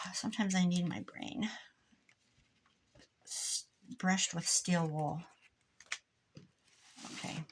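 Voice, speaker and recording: A woman's voice: on the low side, steady tone, very slow, pauses often, slight background noise. A middle-aged woman from Iowa chatting casually as she works on a craft project at home, wandering off on tangents. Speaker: crafter vlogger. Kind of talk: casual chat while crafting.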